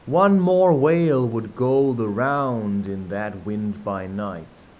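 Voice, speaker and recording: A man's voice: lowish voice, a little mellow, slight background noise, rough recording. A man reading a classic children's novel aloud, breaking off now and then for chatty, self-mocking asides. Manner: unhurried, chatty asides, laughs at himself. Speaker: audiobook reader.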